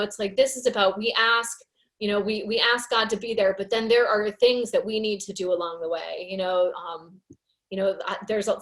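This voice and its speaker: A woman leading a recovery workshop, teaching in a casual, earnest way, full of "you know" fillers, and reading aloud from a book. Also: mid-range voice. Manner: conversational, many fillers, earnest.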